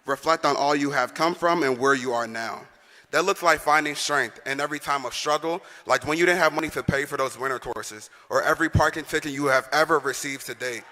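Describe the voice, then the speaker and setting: A man's voice: fairly high pitch, a little fast, sharp tone. Young man giving a rousing commencement speech. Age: young adult. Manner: rousing, calls on the audience to respond. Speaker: senior class president. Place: large arena. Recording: long echo of a big arena.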